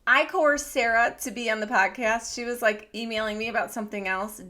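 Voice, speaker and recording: A woman with a Michigan accent co-hosts a podcast in a relaxed, chatty way. Her voice is bright and sits a little high, and she jumps in with quick, bubbly asides. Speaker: podcast co-host. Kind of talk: casual podcast chat.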